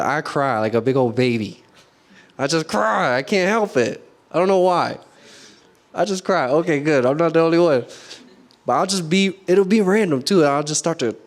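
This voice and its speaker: A young man giving a short youth group sermon, earnest and casual, often asking the room questions and saying "like" a lot. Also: mid-range voice. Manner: casual, many "like" fillers. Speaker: youth speaker.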